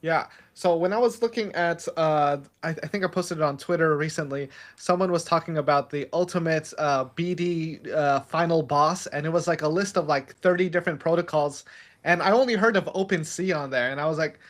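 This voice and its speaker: High-voiced laughing man on a call. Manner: laughs often, quick, joking asides. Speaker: podcast host. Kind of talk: casual chat on a video call. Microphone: video call.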